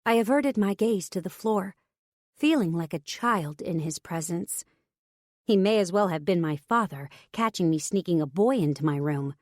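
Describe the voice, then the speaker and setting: A woman narrating a romance audiobook in first person, with a measured, expressive reading. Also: fairly low pitch, dry recording, studio quality.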